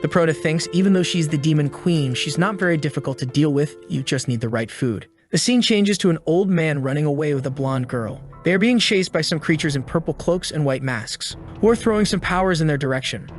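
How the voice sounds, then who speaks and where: A man narrating a scripted story recap in a brisk, plain way. His voice sits slightly high, with soft music under it. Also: animated. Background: faint music.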